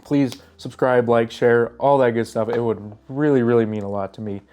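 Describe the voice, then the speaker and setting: A man's voice: mid-range voice, steady tone, normal speed, darkish tone, faint music behind. A young man with a cold talking casually and earnestly to his viewers, his voice stuffy and congested, rambling with plenty of fillers and restarts. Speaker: vlogger. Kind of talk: casual talk to camera.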